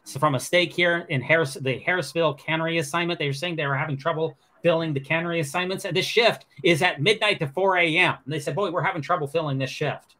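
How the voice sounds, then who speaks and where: A man's voice: a little high, bright, forceful tone. A man hosting a podcast, running through the news with sarcastic commentary. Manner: sarcastic, fast-talking. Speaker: podcast host.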